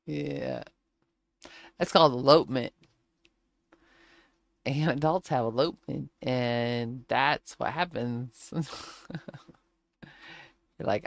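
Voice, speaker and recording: A woman's voice: very deep voice, takes it slowly, gravelly, long pauses, no echo. A woman streaming a flight game, chatting casually and telling stories with frequent laughter. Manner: chatty storytelling, laughs often, acts out quotes. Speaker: gaming streamer. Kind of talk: casual chat while playing a flight game.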